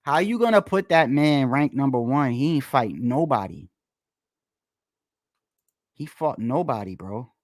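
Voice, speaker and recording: Heated, animated man ranting about boxing. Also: mid-range voice, unhurried, long pauses, no room sound, studio quality. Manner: profane, repetitive, heated, talks straight to viewers. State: tired after a long day. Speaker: boxing commentator. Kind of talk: casual ranting commentary.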